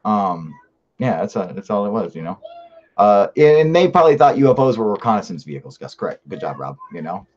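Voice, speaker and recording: A man with a fairly low voice talks loosely and at length as a live-stream host. He rambles, swears freely and pushes his points hard while answering comments. The sound is muffled and lo-fi. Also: big pitch swings, a little fast, darkish tone. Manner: profane, rambling, emphatic. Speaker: live-stream host reading viewer chat. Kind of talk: casual live-stream chat.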